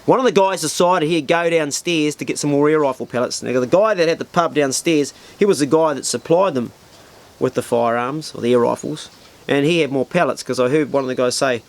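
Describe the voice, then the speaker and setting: A man's voice: a little high, brisk. A middle-aged man telling a vivid, profane personal story in a casual spoken style. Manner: colourful, vivid, swears freely. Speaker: storyteller, channel host.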